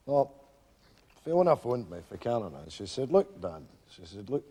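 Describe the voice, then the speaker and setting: An actor playing an elderly Scottish widower who tells a long, meandering story full of fillers, on a live stage. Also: male voice, mid-range voice, sing-song, moderate pace, warm tone, husky. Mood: rambling fond. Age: older. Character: elderly widowed male pensioner, rambling storyteller. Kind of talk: live stage sitcom acting. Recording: theatre stage with long reverb.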